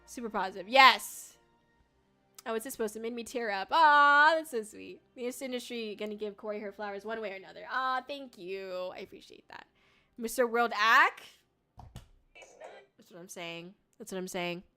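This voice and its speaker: A woman's voice: on the high side, moderate pace, sharp tone, clean tone, soft background music. A young woman streamer chatting casually with her viewers, bubbly and giggly, with lots of filler words. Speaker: VTuber streamer. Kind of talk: casual livestream chat with viewers.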